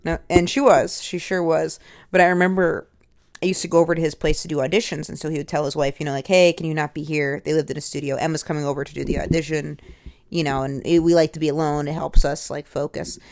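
Low gravelly woman telling crude stories. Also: level tone, fast talker, darkish tone. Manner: rambling, candid, crude, with self-interrupting asides. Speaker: stand-up comedian. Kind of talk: stand-up storytelling.

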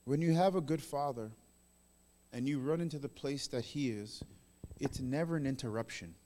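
A male pastor in his thirties preaching a sermon, swinging between loud emphatic bursts and soft hushed phrases. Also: medium pitch, moderate pace. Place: large church hall. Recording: long reverb in a large hall.

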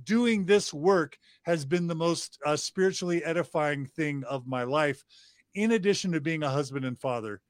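Man, high voice, dry close sound, emphatic and fired up, podcast guest. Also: moderate pace, no echo. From United States. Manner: passionate, emphatic, repeats lists of praise. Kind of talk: enthusiastic interview talk.

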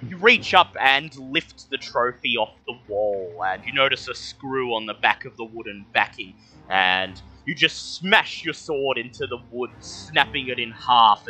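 A man running a tabletop game as dungeon master, slowly narrating the action with occasional laughs. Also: medium pitch, sharp tone, breathy edge. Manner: slow, descriptive narration with laughs.

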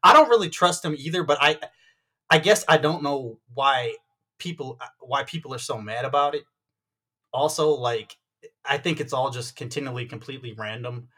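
A man with a bright, forceful voice talks loosely about basketball. He wanders into side stories and acts out what other people said. The delivery is casual and chatty. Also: mid-range voice, moderate pace. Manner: rambling, tangent-prone, acts out quotes. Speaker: podcast co-host. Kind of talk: casual sports chat.

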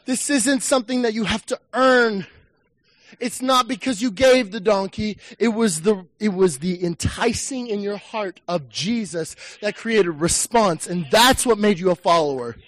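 High-voiced animated male preacher. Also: unhurried, dry recording, rough recording. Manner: animated, acts out the listener's inner voice, rising to shouts. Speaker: pastor. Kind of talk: sermon.

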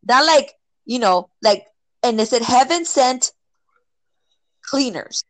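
A woman casually telling a personal story, filling it with "like" and "right?" and acting out quotes with sudden jumps in pitch. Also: animated, slow, a bit bright, no echo, rough recording. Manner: filler-heavy, many "like" and "right?".

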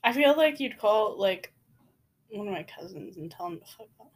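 Husky, teasing woman. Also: mid-range voice, lively intonation, moderate pace. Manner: teasing, giggly and argumentative. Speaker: friend in conversation. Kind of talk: casual chat.

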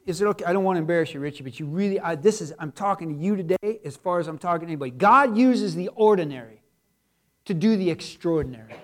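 Man, middle-aged, pastor, very high voice, sermon in a church, emphatic preaching. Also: animated, fairly quick, long pauses. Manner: preachy, rising to loud and emphatic. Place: church sanctuary.

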